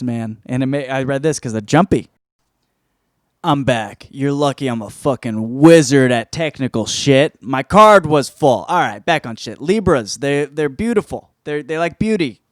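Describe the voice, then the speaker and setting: A man's voice: on the high side, no room sound, studio quality. A man hosting his own solo comedy podcast, rambling, profane and mocking himself as he goes. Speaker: podcast host.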